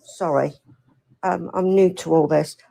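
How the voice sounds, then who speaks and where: A woman's voice: fairly low pitch, fairly even intonation, unhurried, creaky, warm tone, dry recording. A woman in her fifties calling in, talking hesitantly with lots of ums. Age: 50s. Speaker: caller. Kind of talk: casual chat.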